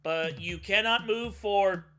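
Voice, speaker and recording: A woman voicing a stubborn game master who flatly insists on the rules. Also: medium pitch, slow, soft background music, voice pushed down. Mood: insistent. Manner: flat, insistent, rule-quoting.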